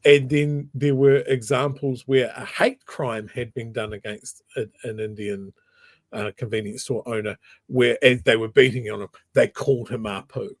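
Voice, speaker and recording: A man's voice: mid-range voice, flat delivery, normal speed, dry recording. New man rambling through a story. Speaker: co-host. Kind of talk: casual chat.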